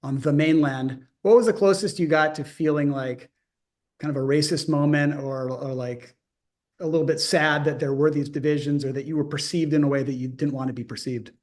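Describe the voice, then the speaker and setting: Rambling male interviewer, fairly high voice. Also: steady tone, a little fast, darkish tone. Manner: rambling, hedging questions with fillers. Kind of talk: interview questions.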